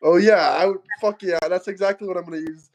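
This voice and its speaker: A man's voice: high-pitched, steady tone, fast, slight background noise, rough recording. A man hosting a live stream, chatting bluntly and swearing a lot. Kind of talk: casual chat.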